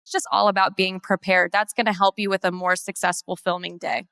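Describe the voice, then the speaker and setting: A woman's voice: mid-range voice, level tone, a little fast, fairly bright tone, clean tone, no echo. A woman heading marketing for a law firm, giving an organized, businesslike conference presentation.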